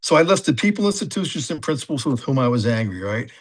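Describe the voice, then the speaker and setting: An older man speaks candidly about his past, working through a personal inventory out loud. His delivery is halting and unpolished, full of fillers and restarted phrases. His voice sits at an ordinary middle pitch for a man. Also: big pitch swings. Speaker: recovery sponsor and coach. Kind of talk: personal testimony, casual and confessional.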